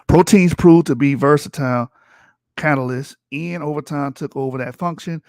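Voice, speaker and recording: A man's voice: a little high, moderate pace, a little mellow, no echo, studio quality. A man hosting a livestream, reading textbook passages aloud and arguing back at them in a combative, profane way. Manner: combative and profane, with rising intensity. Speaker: livestream host. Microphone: streaming mic.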